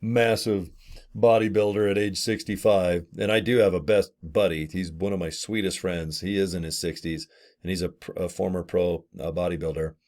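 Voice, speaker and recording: Casually pitching a business opportunity to camera, a man in his late fifties speaks in a low, darkish voice with a steady tone and moderate pace. He works as a network marketing affiliate, and his manner is folksy and blunt, with mild swearing and rambling tangents.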